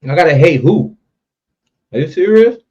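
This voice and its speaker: A man's voice: fairly high pitch, expressive, moderate pace. A man hosting a casual livestream, reading viewer comments and ranting about other content creators. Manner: talks straight to chat, reads comments, ranting. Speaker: livestream host. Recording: dull lo-fi stream audio.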